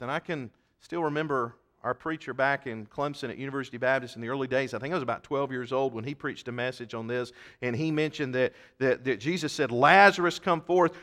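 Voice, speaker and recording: A man preaching a sermon, reading scripture aloud and swinging between loud emphatic shouts and quiet asides. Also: medium pitch. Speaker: pastor.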